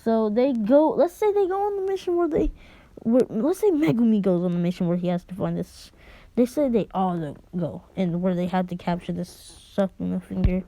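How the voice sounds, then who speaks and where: A woman's voice: mid-range voice, animated, moderate pace, dark tone, no room sound. A woman casually retelling a fan story, rambling and hesitant with many restarts.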